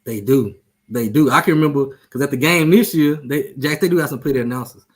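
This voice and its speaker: A man's voice: medium pitch, brisk. A man hosting a casual sports chat show, talking loosely, joking and trash-talking. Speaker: show host.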